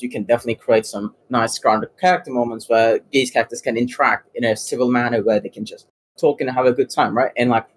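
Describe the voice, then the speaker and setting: Man co-host, middle pitch, thoughtful and rambling. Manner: thoughtful, rambling with "you know". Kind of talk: casual chat.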